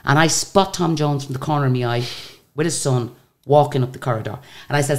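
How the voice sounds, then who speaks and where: An Irish woman with a very deep voice telling lively anecdotes in a casual interview. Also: fast talker. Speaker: singer and guest.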